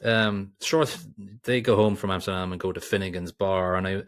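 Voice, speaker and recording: A man's voice: low-pitched, steady tone, moderate pace. A man co-hosting a podcast, chatting casually about a film with rambling restarts and asides. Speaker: podcast co-host. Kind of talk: casual film review chat.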